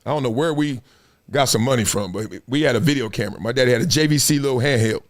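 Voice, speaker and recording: A man's voice: mid-range voice, quick pace. A middle-aged man hosting his own show, chatting casually with his audience, laughing and acting out voices. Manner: animated, acts out voices, laughs often. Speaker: show host. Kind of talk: casual chat to a live audience.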